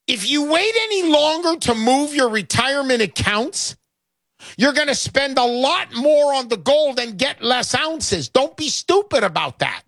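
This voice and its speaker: A man's voice: extremely high pitch, fairly bright tone, no room sound. A middle-aged man hosting a radio talk show, brash and emphatic, repeating his lines for effect. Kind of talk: talk radio with sales pitch.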